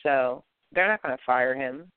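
A man hosting a podcast in casual chat, animated and opinionated, rambling with many restarts. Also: mid-range voice, moderate pace, clean tone, no echo. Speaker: podcast host. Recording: tinny phone-like lo-fi audio, dry.

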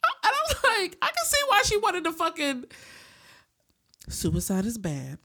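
A woman's voice: very high-pitched, a little slow. Woman telling stories with loose, swearing flair. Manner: animated storytelling, heavy swearing, acts out quoted voices. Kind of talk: casual chat.

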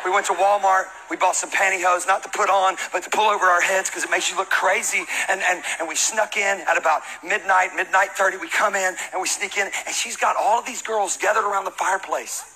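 A pastor from the American South who preaches his sermon as lively, high-energy comic storytelling. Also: a little fast, few pauses, slight background noise, poor audio.

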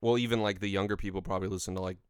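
A man co-hosting a podcast, relaxed and rambling, often trailing off while he searches for names. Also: low voice, rapid-fire, clean tone, no echo. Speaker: podcast co-host. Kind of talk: casual chat. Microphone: studio mic.

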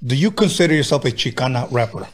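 A man's voice: medium pitch, expressive, quick pace, a little hiss or hum. A man hosting a podcast interview, asking questions and backing the guest with short "right, right" replies. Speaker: podcast host.

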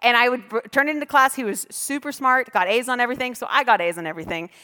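A woman pastor telling a self-deprecating personal story in a sermon from the stage, animated and acting out her past self. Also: fairly high pitch, fast talker. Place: church stage. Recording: long church hall reverb.

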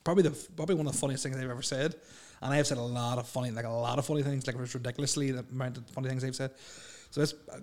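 A man's voice: medium pitch, steady tone, very fast, few pauses, darkish tone. A man, chatting casually as a podcast co-host, rambling and self-mocking with lots of "like" fillers. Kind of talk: casual banter.

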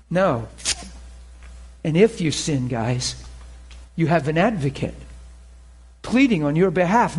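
A man's voice: a little high, a little mellow, husky. A middle-aged man preaching a sermon in a conversational way, acting out little dialogues and laughing often.

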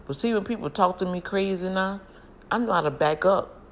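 A woman chatting casually to her viewers, telling family stories in an animated, talkative way with frequent laughs. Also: mid-range voice, fairly quick.

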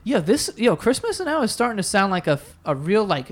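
A man's voice: sits high, big pitch swings, a little fast. A man co-hosting a podcast, chatting casually, joking and swearing a lot. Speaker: podcast co-host. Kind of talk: casual chat.

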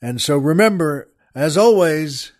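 A man's voice: on the high side, expressive, unhurried. Wry rambling older man telling a story. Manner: rambling, wry, with small laughs and restarts. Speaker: podcast host. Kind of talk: casual storytelling monologue.

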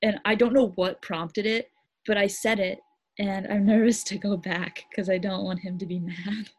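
A woman co-hosting a podcast, telling a story in a lively, laughing way. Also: medium pitch, moderate pace, breathy edge. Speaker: podcast co-host. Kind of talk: casual chat.

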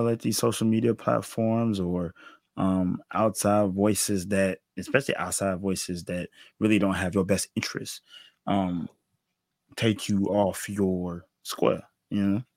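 A man hosting an interview podcast, talking in a relaxed, slangy way with hesitant fillers. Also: on the low side, takes it slowly, creaky, no room sound, studio quality. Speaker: podcast host. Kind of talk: casual interview chat.

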